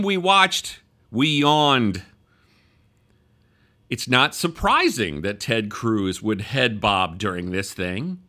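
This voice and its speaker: Man, podcast host, sarcastic, bright forceful tone, slow deliberate delivery, lively pitch. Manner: sarcastic, self-described loudmouth. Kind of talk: opinion podcast commentary.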